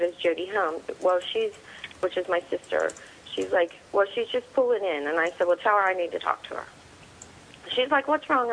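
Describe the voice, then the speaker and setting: A middle-aged woman giving an interview as a soldier's mother. She tells her story in a plainspoken, halting way, quoting what each person said. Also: mid-range voice, a bit bright, a little hiss or hum, rough recording. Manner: plainspoken, retells events through quoted dialogue; halting, with frequent fillers and restarts.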